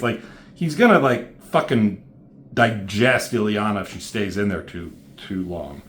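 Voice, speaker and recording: A man's voice: lowish voice, expressive, measured pace, fairly bright tone, slight background noise. Rambling, foul-mouthed male comic reviewer. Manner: rambling, profane, loose with fillers. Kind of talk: casual spoken review.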